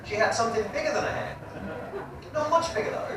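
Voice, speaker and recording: A man's voice: very high voice, expressive, fast talker. A man doing a stand-up comedy set in front of a live audience, chatty and crude and teasing the crowd. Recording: echoey live room, distant mic, audience noise.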